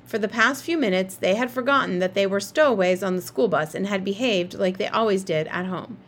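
A woman narrating a children's novel in a steady, expressive reading voice. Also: medium pitch, fairly quick. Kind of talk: storybook read-aloud.

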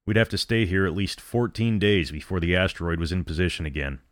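A ship captain speaks firmly and quietly, holding back compassion, as a man voices him. His low voice sounds close and dry. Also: brisk, no room sound, close to an everyday voice. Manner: firm, quiet.

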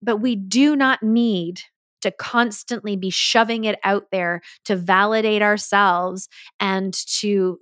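A woman's voice: medium pitch, no room sound, studio quality. A woman hosting a solo podcast as a business mentor, talking in an earnest, emphatic way. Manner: earnest, emphatic, acts out quoted dialogue.

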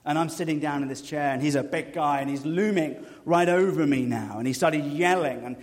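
A man preaching a sermon as a pastor, an animated storyteller who drops to a hush for emphasis. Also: on the high side, a little fast. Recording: long reverb of a hall.

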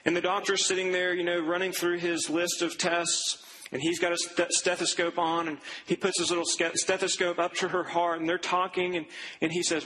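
A man preaching a sermon, telling a story and acting out the people in it, dropping low and slow for the grave lines. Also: fairly even intonation, sharp tone, a little hiss or hum, low-quality recording. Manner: acts out quoted voices, drops low and slow for grave lines. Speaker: pastor.

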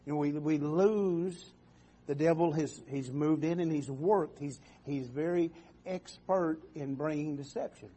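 A man preaching a sermon in a church, halting and repeating words, often calling out for an amen. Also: fairly high pitch, mellow, husky.

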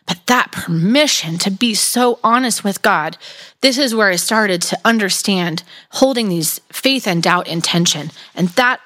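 A woman teaches through a Bible passage in an earnest, candid way. She reads verses aloud and then talks them over in a mid-pitched voice, with soft laughs along the way.

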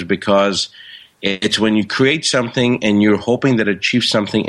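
A man's voice: lowish voice, fairly bright tone. A man, a physician who runs seminars, speaking in an earnest, reflective way on a talk show.

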